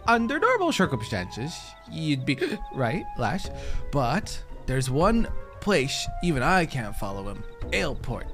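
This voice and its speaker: A tipsy, bragging pirate sailor, as a man puts him on for a game read-aloud, all gruff rolling brogue and slurred swagger. His pitch lurches high and low as he boasts, with faint game music underneath. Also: huge pitch swings, slow pace, exaggerated voice. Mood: boastful. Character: boozy boastful male pirate bodyguard, middle-aged.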